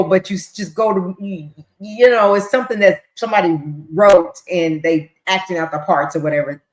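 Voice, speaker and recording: A woman hosting a livestream, casually recapping court testimony and acting out quotes as she goes. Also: medium pitch. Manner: chatty, retells with voiced quotes and ad-libs. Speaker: livestream host. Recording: roomy echo.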